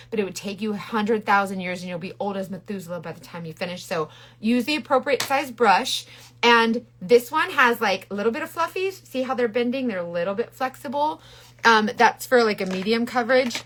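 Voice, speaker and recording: A woman's voice: medium pitch, a bit bright. A middle-aged woman chatting bubbly and rambling on a casual makeup live stream, greeting viewers by name. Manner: rambling with frequent restarts.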